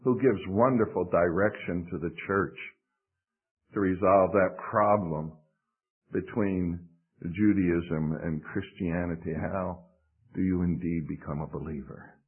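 A man preaching a sermon, teaching through a book of scripture with emphatic stress, pitch swinging up and down for emphasis. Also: measured pace, husky. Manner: emphatic, rising and dropping sharply for stress. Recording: tinny phone-like radio broadcast.

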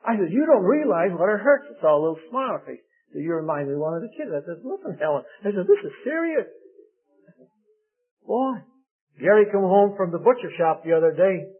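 Husky older preacher, folksy, phone-thin sound. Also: male voice, sits high, fast, narrow, tinny audio. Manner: folksy storytelling, quotes others in lively voices. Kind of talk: sermon with personal stories.

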